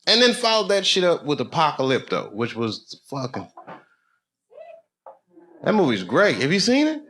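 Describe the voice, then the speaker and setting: Profane, animated male stand-up comic. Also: fairly high pitch, normal speed. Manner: profane, animated storytelling with mock voices. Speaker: stand-up comedian. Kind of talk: stand-up routine. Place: comedy club stage with a laughing audience. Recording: loud audience noise, live club recording.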